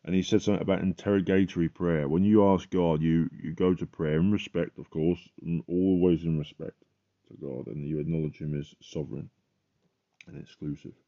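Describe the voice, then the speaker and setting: Very deep-voiced fervent man. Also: flat delivery, brisk, muffled recording. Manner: fervent, emphatic preaching. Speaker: podcaster. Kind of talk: religious testimony monologue.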